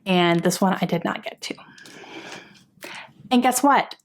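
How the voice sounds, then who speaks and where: A woman's voice: lowish voice, unhurried. Young female book vlogger, casual and chatty, prone to exasperated sighs. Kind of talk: casual book review chat.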